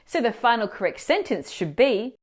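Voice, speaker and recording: A woman teacher explaining grammar mistakes in clear, instructive scripted narration, asking the viewer questions. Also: on the high side, big pitch swings, normal speed. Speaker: language teacher.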